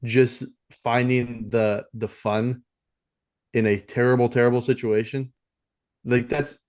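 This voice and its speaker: A man's voice: medium pitch, little pitch movement, slow, darkish tone. A man co-hosting a film podcast, talking casually and rambling with many fillers and restarts. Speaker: podcast co-host.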